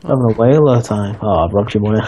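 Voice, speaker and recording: A man's voice: mid-range voice, sing-song, fairly quick, mellow, slight background noise. A young man casually bantering and swearing while playing a video game. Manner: crude, teasing, swears a lot. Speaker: game commentator.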